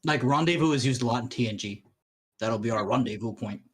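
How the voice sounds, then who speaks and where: A man with a husky, breathy voice chats on a watch-along voice call. He rambles through anecdotes, restarting his sentences and breaking into laughter. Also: medium pitch, fairly quick. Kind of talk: casual watch-along chat. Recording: voice chat call.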